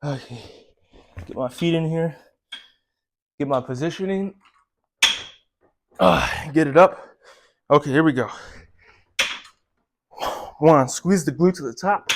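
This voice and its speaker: A man recording a workout vlog, out of breath, counting his reps aloud with strained grunts in between. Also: a little high. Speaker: vlogger. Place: gym, indoors.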